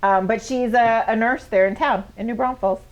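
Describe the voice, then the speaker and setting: Woman cohosting a chill podcast w her husband, high-ish voice, tosses in quick asides. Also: muffled recording. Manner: chimes in with short asides and backchannels. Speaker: podcast co-host, wife of the host. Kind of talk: casual chat.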